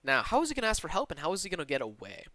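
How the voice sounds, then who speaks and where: Lively streamer with a slight Southern twang. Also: male voice, on the high side, no echo. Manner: animated and expressive, with quick asides to chat. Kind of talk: reading a visual novel aloud with live asides. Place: alone in his own room.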